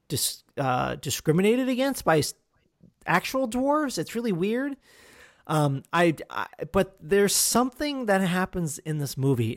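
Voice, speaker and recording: Male podcast host, a bit high-voiced, loose and sweary, riffing on movies in a dry, close recording. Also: no room sound. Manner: rambling, profane, full of fillers and restarts. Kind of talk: casual film review chat.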